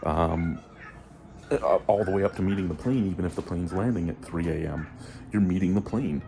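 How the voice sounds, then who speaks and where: A man venting his frustration in a vlog, ranting and swearing freely and climbing toward near-shouting. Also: low voice, normal speed, vocal fry, a little hiss or hum. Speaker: vlogger and store worker.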